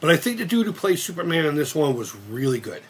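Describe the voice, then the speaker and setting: Husky fifty-year-old man rambling. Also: a little high, big pitch swings, quick pace. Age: 50s. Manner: rambling, profane, many restarts. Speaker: channel host. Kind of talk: casual live-stream chat.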